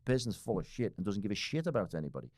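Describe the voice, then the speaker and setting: Blunt low-voiced British man in his forties. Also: big pitch swings, rapid-fire, a little mellow, dry recording, studio quality. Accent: British English. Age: 40s. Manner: blunt, swears freely, laughs often. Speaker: guest. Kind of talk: casual podcast conversation.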